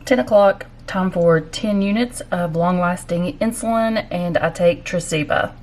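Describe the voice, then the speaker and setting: Fairly low and darkish, this woman's voice runs a little slow as she rambles casually for her vlog. She's talkative and sometimes speaks with her mouth full.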